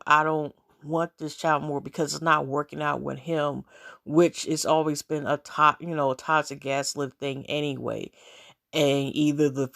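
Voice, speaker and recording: A woman casually recapping a reality show episode, rambling with lots of fillers and talking straight to her viewers. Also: low-pitched. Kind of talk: casual chat.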